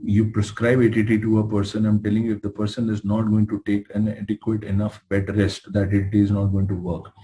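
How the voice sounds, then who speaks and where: A man's voice: fairly low pitch, quick pace, hardly any pauses, a little hiss or hum, poor audio. A middle-aged man with an Indian English accent teaching a medical lecture, telling clinical stories with emphatic, exasperated asides. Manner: animated storytelling, emphatic and exasperated. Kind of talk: lecture with acted patient dialogues.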